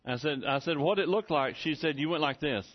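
A middle-aged pastor delivering a sermon with a folksy, chuckling storyteller's touch. His voice sits a little high for a man. The recording sounds dull and muffled. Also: brisk. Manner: folksy storytelling, laughs often.

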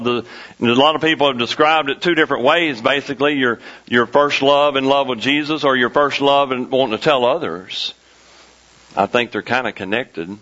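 A man's voice: mid-range voice, a bit bright. A man preaching a sermon as pastor, repeating phrases with rising emphasis. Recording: dull lo-fi sermon recording.

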